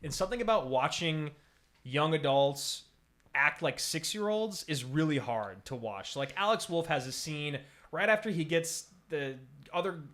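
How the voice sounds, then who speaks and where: A man co-hosting a casual movie podcast, animated and laughing often, jumping into high voices to mimic actors. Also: normal speed. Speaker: podcast co-host. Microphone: podcast mic.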